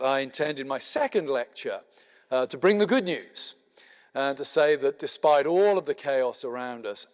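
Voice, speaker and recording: A middle-aged man giving a conference lecture in a measured, explanatory way, with frequent filler words and dry asides. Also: on the high side. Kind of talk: spoken lecture. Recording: long hall reverb.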